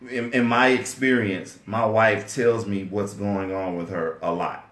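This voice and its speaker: A man's voice: on the low side, a little slow. Joking man co-host, echoey room. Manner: joking, animated, acts out quotes. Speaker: podcast co-host. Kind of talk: casual couple's chat. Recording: roomy echo.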